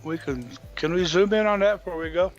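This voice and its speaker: A man's voice: high voice, brisk, highs cut off, faint music behind. A man co-hosting a livestream, chiming in with short remarks and questions. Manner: chimes in briefly with remarks and questions. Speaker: livestream co-host. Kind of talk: casual chat.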